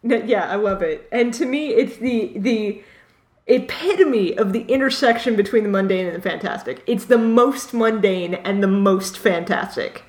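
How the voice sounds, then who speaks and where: A woman co-hosting a podcast, giving thoughtful, measured comments in casual talk. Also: mid-range voice, darkish tone. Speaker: podcast co-host. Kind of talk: casual book discussion. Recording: echoey room.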